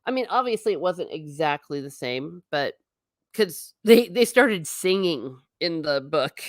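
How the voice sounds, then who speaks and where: Woman host, lowish voice, dry sound, lively chatty reader of comments. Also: a little slow, no echo. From Ireland. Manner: chatty, animated, breaks into silly singing. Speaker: livestream host. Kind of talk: casual chat reading viewer comments.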